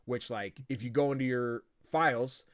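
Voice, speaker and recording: A young man hosting a podcast, chatting casually and acting out quotes in lively voices. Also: medium pitch, moderate pace, no room sound, clean studio sound. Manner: animated, quotes himself and others in lively voices. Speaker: podcast host. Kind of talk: casual chat.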